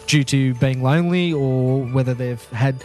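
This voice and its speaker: A man with an Australian accent, co-hosting a podcast in casual chat, quick, joking and agreeable. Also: mid-range voice, darkish tone, soft background music. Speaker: podcast co-host.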